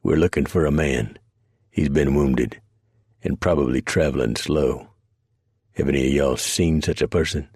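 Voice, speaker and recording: A domineering centurion talks in a deep, husky Southern drawl, full of contempt and menace, as a male narrator plays him. The reading is dry and close to the mic. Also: moderate pace, a little mellow, no room sound. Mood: menacing.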